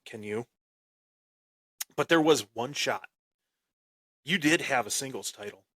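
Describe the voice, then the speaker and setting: A man speaks as his wrestling persona on a podcast, boastful and taunting as he recounts old rivalries. His delivery is unhurried and drawn out. The recording is dry and close, with no room sound. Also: medium pitch, expressive, fairly bright tone, slightly rough, dry recording. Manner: swaggering, taunting, dramatic. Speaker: podcast host. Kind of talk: boastful in-character wrestling storytelling.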